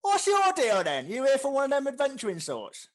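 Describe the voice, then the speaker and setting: A man voicing a gruff male orc innkeeper with a bolted-on jaw, shouting short impatient questions in a raised, strained voice. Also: wildly swooping pitch, fairly quick, full character voice. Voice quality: loud, high, barking shouts.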